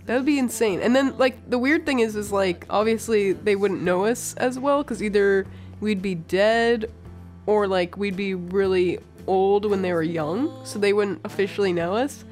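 A woman's voice: medium pitch, moderate pace, darkish tone, soft background music. Giggly rambling woman chatting. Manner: giggly, rambling, lots of fillers. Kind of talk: casual podcast chat.

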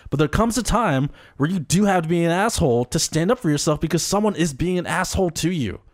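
A man in casual chat, telling a story in an animated and profane way. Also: a little high, fast talker.

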